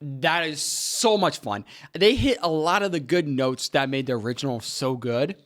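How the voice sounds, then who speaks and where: A man's voice: fairly high pitch, moderate pace, fairly bright tone. A young man co-hosting a podcast in casual chat, rambling and joking and losing his train of thought. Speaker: podcast co-host.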